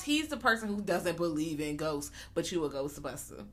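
Bright-voiced woman recapping a film, animated. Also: low-pitched, moderate pace, few pauses. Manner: animated, profane, acts out characters. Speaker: podcast co-host. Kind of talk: casual film recap chat.

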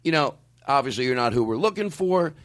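A man hosting a podcast, talking in a casual, profane, animated way with many restarts. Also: medium pitch, a little fast. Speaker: podcast host.

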